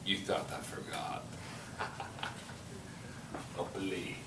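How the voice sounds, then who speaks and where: A man teaching a high school chemistry class, joking and teasing his students as he explains. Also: flat delivery, extremely slow, heavy background noise. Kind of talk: classroom lecture. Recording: echoey classroom from a distance.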